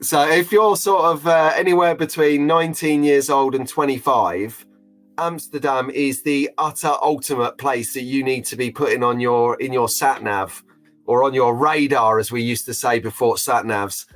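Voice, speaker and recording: A man's voice: medium pitch, fairly even intonation, normal speed, a bit bright, faint music behind. A middle-aged man hosting a live stream in a chatty, jokey, openly emotional way. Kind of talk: casual live-stream chat.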